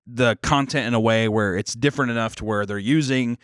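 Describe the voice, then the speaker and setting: A man's voice: mid-range voice, a little fast, fairly bright tone, smooth, no room sound, clean studio sound. A man co-hosting a podcast, talking in casual banter that is profane and rambling, with frequent restarts. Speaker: podcast co-host.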